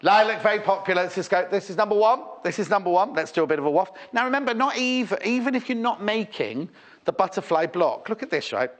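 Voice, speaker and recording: Chatty British man with a lively voice. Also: high voice, fast talker. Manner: chatty, rambling, enthusiastic. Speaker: shopping channel presenter. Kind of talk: live TV selling chat.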